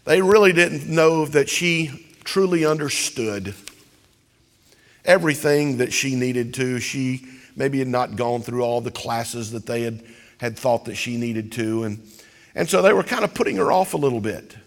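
A man preaching a sermon as pastor, building to loud, impassioned cries. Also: mid-range voice, a little slow, in a large hall.

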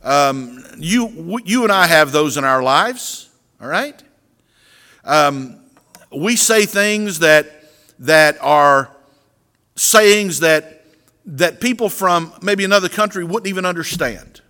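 Middle-aged preacher guy, pretty high voice, earnest, keeps restarting his sentences, big echoey hall. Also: animated, takes it slowly, sharp tone. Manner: earnest, repeats words as he restarts phrases. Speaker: pastor. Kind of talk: sermon. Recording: long reverb of a large hall.

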